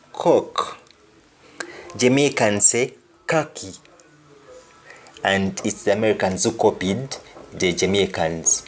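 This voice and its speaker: A man teaching a language lesson, explaining carefully and repeating each example phrase twice before translating it. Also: medium pitch.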